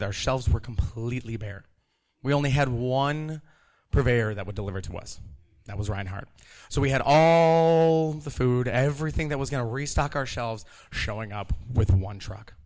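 A man in his thirties telling a live story about working in a kitchen, animated and laughing, acting out the people he quotes. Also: medium pitch, moderate pace.

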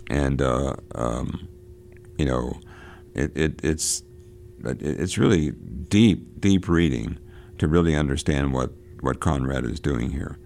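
Very deep, gravelly male radio host. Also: lively intonation, darkish tone. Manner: halting, with many fillers and restarts. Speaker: radio literature program host. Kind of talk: reading and discussing a novel on air.

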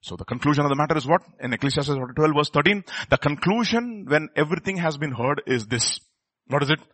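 A male preacher delivers a sermon in a fairly high, bright voice with a husky edge. His pitch leaps around, and he keeps asking the congregation rhetorical questions. He moves between soft asides and forceful, loud emphasis, recorded dry and close. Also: expressive, fast talker, no echo.

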